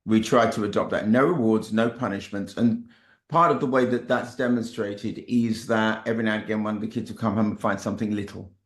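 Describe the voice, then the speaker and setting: A man's voice: on the low side, fairly even intonation, fairly quick. A man, speaking as a parent on a panel and chiming in to add to his co-speaker's points. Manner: chimes in and echoes his co-speaker. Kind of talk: panel talk. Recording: echoey room.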